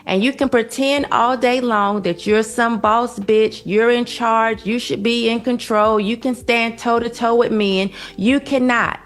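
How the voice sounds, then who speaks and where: A woman lecturing to camera in a forceful, preachy way. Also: on the high side, fairly even intonation, measured pace, few pauses.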